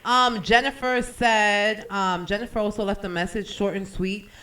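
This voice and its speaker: A radio show host chatting casually, telling stories in an animated, slangy way and asking a guest questions. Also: mid-range voice, moderate pace, recorded from a distance, poor audio. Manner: animated, loose storytelling with slang. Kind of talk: casual radio interview chat.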